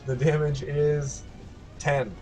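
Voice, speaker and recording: A man's voice: a little high, little pitch movement, slow, a little mellow, soft background music. A man playing a tabletop game, describing his character's actions and adding a little playful whining. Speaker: player.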